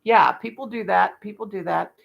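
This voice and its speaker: A woman's voice: mid-range voice, normal speed, vocal fry, highs cut off. An older woman, chatting bluntly and rambling in folksy talk while crocheting on a livestream. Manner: blunt, rambling, folksy, talks to chat and her birds. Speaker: livestream vlogger. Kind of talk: casual chat while crocheting.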